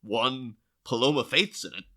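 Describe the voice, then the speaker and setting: Guy on a podcast, super animated, bright tone, keeps doing silly quote voices. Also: medium pitch, normal speed. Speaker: podcast co-host. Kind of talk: casual chat.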